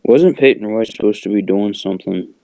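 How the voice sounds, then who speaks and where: Podcast co-host: a man with a mellow, dark voice, joking and foul-mouthed in loose banter. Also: on the low side, fairly quick, creaky. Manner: joking, swears freely. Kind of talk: casual chat.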